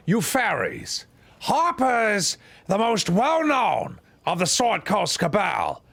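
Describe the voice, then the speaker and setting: A man doing a barking, gravelly tough guy. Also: high voice, voice pushed up, exaggerated voice. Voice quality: gravelly, shouting. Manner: slow, barking reading of a lore book.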